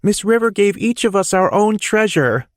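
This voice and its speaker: A man's voice: high voice, animated, normal speed, no echo, studio quality, voice pushed up. A man voicing upset seven-year-old twin boys, who plead in whiny voices. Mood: eager.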